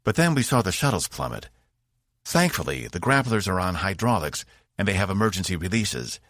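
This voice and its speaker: A man's voice: low voice, sing-song, brisk, a bit bright, dry recording, clean studio sound, voice pushed up. A man voicing an anxious young female pilot who reports urgently, in an audiobook. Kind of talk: audiobook character voice.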